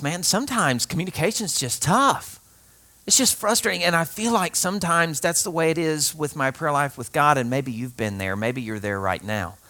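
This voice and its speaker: A man preaching a sermon, telling a personal story in a lively, conversational way, often laughing and speaking straight to his listeners. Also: a little high. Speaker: pastor.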